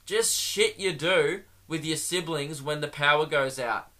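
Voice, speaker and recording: A young man hosting a comedy podcast, riffing in an animated, mocking way with free swearing. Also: fairly high pitch, measured pace. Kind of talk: comic monologue.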